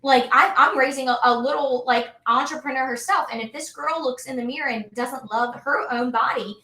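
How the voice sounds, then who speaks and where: A woman's voice: high voice, a little fast, pushed and bright. Chatty upbeat woman, roomy sound. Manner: chatty, upbeat, many fillers like "like" and "you know". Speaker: guest, health and wellness coach. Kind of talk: casual podcast conversation. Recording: roomy echo.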